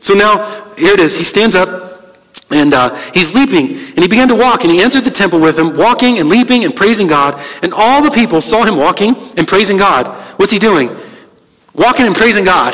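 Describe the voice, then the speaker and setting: A man's voice: sits high, animated, fairly quick, a bit bright, long reverb tail, rough recording. A man preaching a conversational sermon as pastor, talking through a Bible passage with frequent restarts and fillers.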